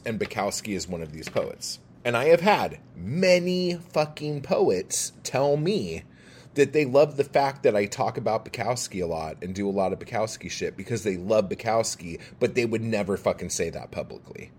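A man's voice: lowish voice, a little mellow, slight background noise. A man ranting heatedly to camera, swearing constantly and pushing his points with emphatic bursts. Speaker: poet and video creator.

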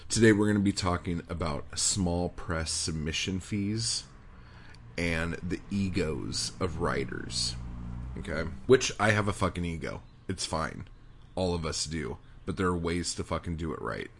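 A man's voice: deep voice, slight background noise. A man hosting a podcast, swearing constantly through a fired-up, angry rant. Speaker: podcast host.

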